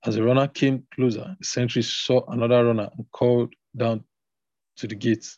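A man reads scripture aloud plainly, now and then stopping to reread a passage. His mid-range voice is flat and darkish at a moderate pace, with no echo, on a dull, slightly lo-fi recording.

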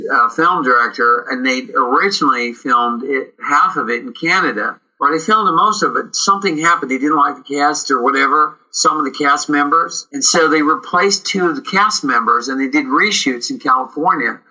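A man, an actor, telling rambling, animated stories in an interview, with many fillers and restarts. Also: mid-range voice, moderate pace, hardly any pauses, lo-fi sound. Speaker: actor, guest. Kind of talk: casual storytelling interview.

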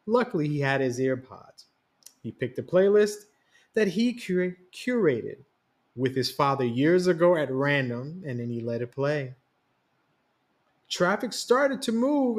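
A man telling a story on a podcast in a steady, read-aloud narration. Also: fairly high pitch. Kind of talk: scripted narration.

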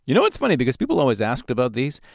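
A middle-aged man from Canada, a podcast host and former radio host, telling stories and ranting in a casual, animated way with frequent laughter. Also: mid-range voice, very fast, vocal fry, dry recording. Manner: animated, laughs often, rants. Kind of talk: casual storytelling monologue.

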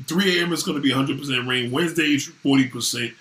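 A man ranting casually to viewers, animated and swearing freely. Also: mid-range voice, quick pace. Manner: animated, swearing, voices others in quotes. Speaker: vlogger talking to viewers. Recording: echoey room.

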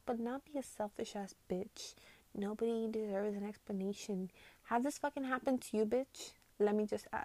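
A woman vlogging her reactions to posts in a casual, profane rant, swinging between loud outbursts and muttered asides, full of "like". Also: medium pitch, vocal fry, no room sound. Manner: heavy swearing and filler "like".

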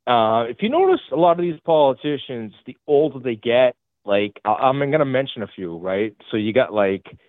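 A man's voice: mid-range voice, big pitch swings, moderate pace, dry recording. A man with a heavy Boston accent calling in to a talk show, rambling with lots of fillers and restarts. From Boston area. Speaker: caller. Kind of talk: call-in talk. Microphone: phone call. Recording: tinny phone line.

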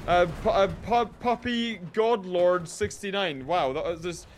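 A man's voice: high-pitched, lively intonation, a little hiss or hum. A young Scottish man chatting casually on a gaming live stream, saying "mate" a lot and laughing easily. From Scotland. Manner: chatty, says "mate" often, quick laughs.

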